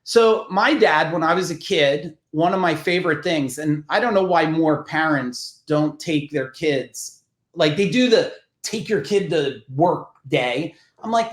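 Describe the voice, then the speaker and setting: A man's voice: on the high side, normal speed, reverberant. Blunt, profane New Jersey man. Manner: blunt and profane, animated storyteller. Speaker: guest, business founder. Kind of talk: casual podcast storytelling.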